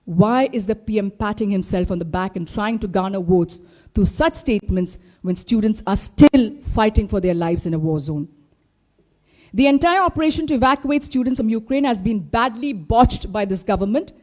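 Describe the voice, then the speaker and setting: A woman's voice: mid-range voice, expressive, normal speed, a little mellow. A woman from India with an Indian English accent, a party spokesperson giving an impassioned press briefing full of rhetorical questions. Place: party headquarters press room.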